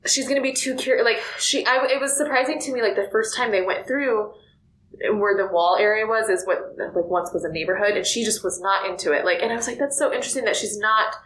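A woman's voice: mid-range voice, brisk, a bit bright. Gushing chatty woman in a roomy room. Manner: gushing, filler-heavy, lots of "like". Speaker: book reviewer. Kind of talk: casual book chat. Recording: roomy echo.

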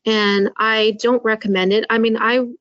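A woman speaking earnestly and at a measured pace as a panelist in a discussion. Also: on the high side, flat delivery, fairly bright tone, clean tone, no room sound. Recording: dull lo-fi audio.

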